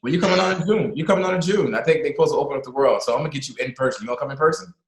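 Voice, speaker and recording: A man speaking as a guest in a casual conversation, animated and motivational, often repeating words for emphasis. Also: fairly high pitch, rapid-fire, roomy sound, rough recording. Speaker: podcast guest. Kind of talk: casual video-call conversation.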